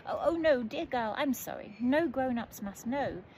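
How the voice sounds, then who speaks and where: A woman's voice: mid-range voice, big pitch swings, normal speed, a little hiss or hum, natural voice. A woman voicing a fussy, polite male talking chicken-bird in a storybook reading, formal and courteous with clucks.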